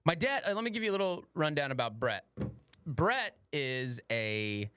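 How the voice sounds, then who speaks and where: A man's voice: fairly high pitch, big pitch swings, moderate pace, sharp tone, clear, resonant tone, no echo. A man in his twenties hosting a casual podcast. He rambles crudely and laughs often. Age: 20s. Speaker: podcast host.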